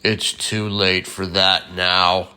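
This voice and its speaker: A man reading aloud, voicing a huge menacing male grizzly bear with a slow, low growl. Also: flat delivery, pushed and bright, clean tone, heavily acted.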